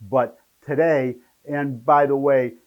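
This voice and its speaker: A man's voice: medium pitch, fairly even intonation, slow, muffled recording. Male political commentator, solo rant, opinionated, rambling, digressive.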